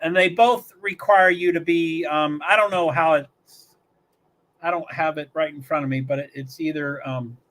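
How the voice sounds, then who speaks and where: A man's voice: fairly high pitch, fairly even intonation, moderate pace, a bit bright. A man hosting a livestream, chatting casually and rambling as he thinks aloud while watching a race. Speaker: livestream host. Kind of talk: casual commentary.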